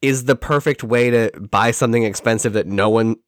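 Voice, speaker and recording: A man's voice: mid-range voice, a little fast, dry recording, clean studio sound. A man co-hosting a podcast, making wry, jokey remarks in a casual chat about a film. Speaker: podcast co-host. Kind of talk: casual movie discussion.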